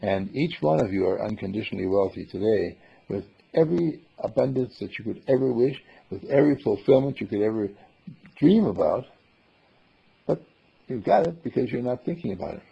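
Gravelly-voiced man teaching a group. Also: mid-range voice, lively intonation, brisk, dull audio. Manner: playful, acts out dialogue with voices. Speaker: spiritual teacher. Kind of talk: group talk.

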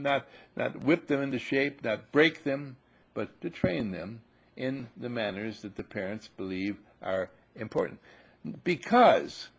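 Husky man lecturing with insistent repetition. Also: medium pitch. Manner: questioning, repetitive, emphatic. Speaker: spiritual teacher. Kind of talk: lecture to a live group.

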